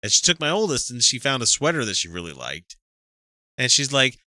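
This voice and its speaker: Animated, bright-voiced man co-hosting a chat podcast. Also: mid-range voice, a little fast, no echo. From Utah. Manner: animated, laughs often, restarts sentences. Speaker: podcast co-host. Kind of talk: casual comedic chat.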